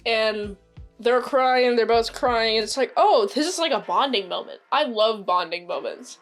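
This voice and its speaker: A woman reviewing a series in a loose, chatty recap, her fairly high voice bouncing with excitement. She leans on "like" constantly as she talks. Faint music plays behind her. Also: normal speed. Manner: chatty and excitable, heavy use of "like", acts out quoted lines. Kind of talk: casual episode recap.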